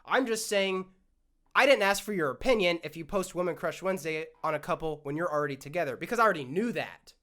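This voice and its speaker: A young man vents alone into his podcast mic, worked up and swearing as he goes. His throat is scratchy, giving the rant a rough edge. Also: fairly high pitch, lively intonation, fast talker, fairly bright tone. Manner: worked-up, ranting, swears often. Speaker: podcast host. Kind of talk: solo ranting monologue.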